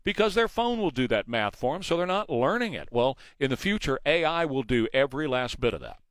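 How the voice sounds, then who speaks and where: A man's voice: medium pitch, very animated, fairly quick, fairly bright tone, no echo. A man hosting a morning news talk show, talking emphatically and asking rhetorical questions into a studio mic. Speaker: radio talk show host.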